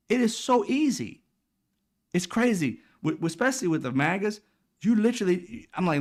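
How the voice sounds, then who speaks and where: A man's voice: expressive, brisk. A man hosting a political commentary show, ranting casually in a profane, exasperated, mocking way. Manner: swings from loud and high to low and quiet.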